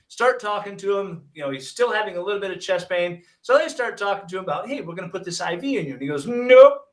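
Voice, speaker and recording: Far from the mic, a high-pitched man casually recounts an anecdote, bringing it to life by acting out the dialogue with wry humor. He's from Michigan and works as both a hypnotist and a paramedic.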